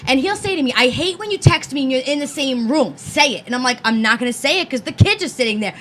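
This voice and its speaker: A woman's voice: high-pitched, expressive, fast talker, fairly bright tone, slight background noise. A woman co-hosting a podcast, telling stories in casual chat, blunt and profane. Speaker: podcast co-host.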